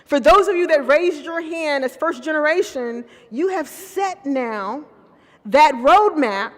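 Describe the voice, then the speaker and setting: A woman's voice: high-pitched, lively intonation, takes it slowly. Motivational woman speaker in a reverberant hall. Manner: earnest, motivational, with quoted inner voices and direct questions to graduates. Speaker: college president giving a commencement address. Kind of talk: commencement speech.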